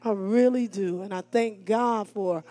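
A woman preaching a sermon, animated, calling out to the congregation and dropping from shouts to hushed asides. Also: mid-range voice, a little slow. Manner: animated and call-and-response, swinging between shouts and hushed asides.

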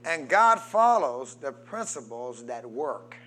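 A man preaching a sermon as pastor, prompting the congregation to answer and swinging between loud emphatic calls and low quiet asides. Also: sing-song, slow pace.

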